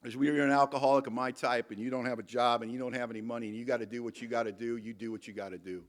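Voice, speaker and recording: A man's voice: mid-range voice, fairly even intonation, rapid-fire. Candid middle-aged man telling his story. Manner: candid storytelling, self-mocking, emphatic. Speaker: AA speaker. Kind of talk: recovery talk to a convention audience. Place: convention hall.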